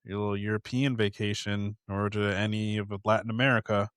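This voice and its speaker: A man's voice: lowish voice, little pitch movement, fairly quick, fairly bright tone, clear, resonant tone, no room sound, studio quality. Wry podcast co-host man. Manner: wry, interjecting, swearing. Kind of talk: casual political chat.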